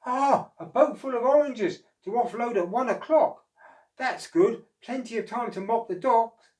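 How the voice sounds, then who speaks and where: A man voicing an eager young boy who works on a storybook dock, with excited, bright exclamations. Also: extremely high pitch, a little slow, roomy sound, far from the mic, voice pushed up.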